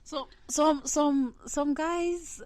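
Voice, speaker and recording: A woman hosting a casual chat, ranting in an animated, teasing way and repeating her words. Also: high voice, very slow, slight background noise. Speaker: podcast host.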